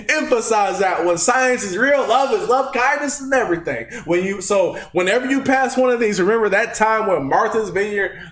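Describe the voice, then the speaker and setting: A man's voice: high voice, lively intonation, normal speed, few pauses, fairly bright tone, reverberant. A man with a Texan accent hosting casual political commentary, slangy and mocking, often laughing at his own jokes. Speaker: commentary channel host.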